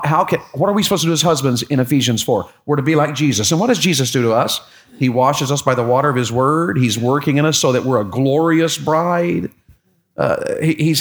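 A middle-aged man preaching a sermon, telling a personal story with lively repeats and sudden rises in his voice. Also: on the high side. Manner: animated storytelling, repeats words, voice jumps up when excited. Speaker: pastor.

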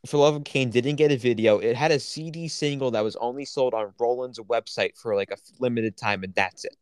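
A man talking on a podcast in a relaxed, chatty way, keen and full of opinions. His voice sits at an average pitch and sounds close and completely dry, with no room around it. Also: brisk, smooth, dry recording. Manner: enthusiastic, opinionated, lots of fillers. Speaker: podcast co-host. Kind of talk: casual chat.

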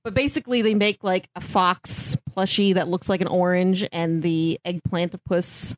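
A woman's voice: fairly low pitch, fairly even intonation, moderate pace, no room sound, rough recording. A woman hosting a podcast, chatting casually and offhandedly with plenty of swearing. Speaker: podcast host. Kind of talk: casual chat.

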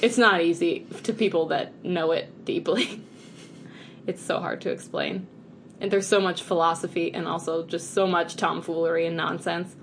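A woman co-host chatting casually, her voice on the lower side for a woman. She rambles through long explanations, breaking into laughter often. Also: fairly even intonation, normal speed, slight background noise. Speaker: podcast co-host. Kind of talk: casual chat.

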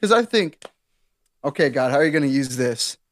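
A man's voice: medium pitch, normal speed, dry recording. A man co-hosting a casual faith podcast, reading scripture aloud and retelling it with laughs and slang. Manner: animated, laughing, plays up the story with modern slang. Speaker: podcast co-host.

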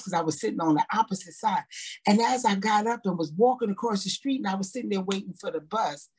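A woman's voice: medium pitch, a little mellow, husky. A woman telling a personal faith testimony in casual talk, her storytelling growing more emotional as she goes. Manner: emotional storytelling, rising intensity. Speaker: guest sharing testimony.

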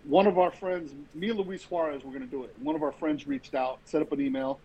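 Storytelling comedian host, lo-fi audio. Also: male voice, fairly high pitch, fairly quick. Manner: animated storyteller, acts out quoted dialogue. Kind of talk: casual chat. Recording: dull lo-fi sound with faint noise.

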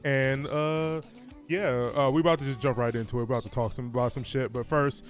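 A man hosting a casual podcast, talking in a relaxed, drawling way with lots of fillers. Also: mid-range voice, brisk, faint music behind. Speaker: podcast host.

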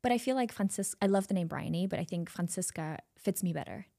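A woman's voice: fairly low pitch, quick pace, creaky, warm tone. A woman from Germany, hosting a casual podcast chat and telling stories in an encouraging way. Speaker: podcast host. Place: recording studio.

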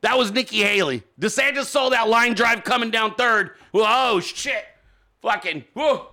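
A man hosts a political commentary show in a bright, sharp voice pitched high for a man. He rants hard, mocking his targets and swearing freely. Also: normal speed. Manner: profane, mocking, ranting. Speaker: show host.

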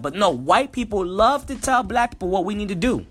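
A man's voice: high voice, big pitch swings, a little fast, a bit bright, breathy edge. A man giving impassioned solo commentary, reading passages aloud and breaking in with emotional, worked-up remarks that often repeat themselves. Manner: reads text aloud, then comments.

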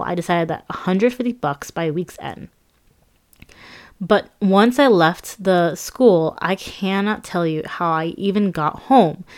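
Lively woman narrating her memoir. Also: lowish voice. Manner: conversational, lively, self-mocking. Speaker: author reading her own memoir.

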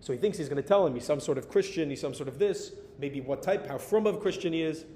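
American man telling a sermon story. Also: fast. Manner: animated storyteller dropping in Hebrew and Yiddish words. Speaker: Torah teacher. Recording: reverberant hall with faint rumble.

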